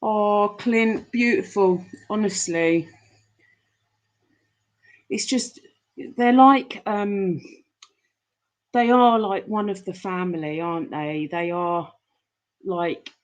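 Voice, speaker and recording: A woman hosts a relaxed live stream, reading out viewers' messages. Her pace is slow and easygoing, her voice sits in an ordinary middle register, and she rambles fondly with lots of fillers. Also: mid-range voice, low-quality recording. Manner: chatty, warm-hearted, rambling with fillers. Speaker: livestream host reading chat. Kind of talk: casual live chat.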